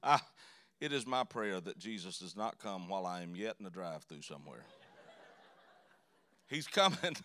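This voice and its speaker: A man's voice: low voice, sing-song, moderate pace, long pauses, a bit bright, no room sound. A man preaching a sermon in a church, telling folksy, joking stories. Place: church sanctuary.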